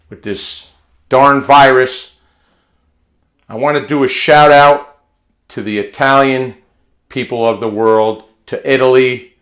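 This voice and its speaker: A man walks through a home recipe in his kitchen. He takes his time and talks in a relaxed, unhurried way, folksy and chatty. He often repeats words and restarts phrases, in a mid-range voice. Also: medium pitch. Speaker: home cooking vlogger. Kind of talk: casual cooking demonstration.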